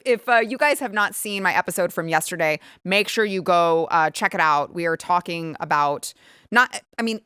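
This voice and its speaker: A woman's voice: lowish voice, fairly bright tone, smooth, no room sound, studio quality. An American woman hosting a political commentary show, talking emphatically and pushing her points hard. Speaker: host.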